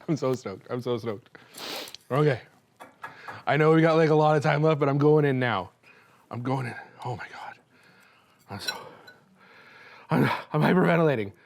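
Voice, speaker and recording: A young man hosting a cooking show, rambling and joking excitedly as he cooks and tastes in a studio kitchen. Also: a little high. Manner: hyped, rambling, joking, laughing between lines. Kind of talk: casual on-camera cooking chatter.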